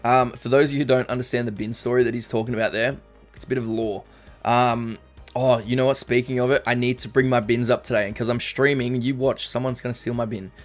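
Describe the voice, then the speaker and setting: A young Australian man rambles casually on a live stream, reading chat messages aloud and saying "um" often. His medium-pitched voice moves quickly with fairly even intonation, over faint background music.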